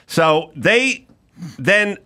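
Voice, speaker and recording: Acting out the people he quotes, a middle-aged podcast host tells a story animatedly during casual chat. He has a high voice and talks very slowly.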